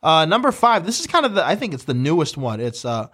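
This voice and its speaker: A man's voice: a little high, fast talker, husky. A young man hosting a casual podcast chat, telling stories and acting out quotes in mock voices. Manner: animated storyteller, acts out quotes in mock voices. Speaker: podcast host.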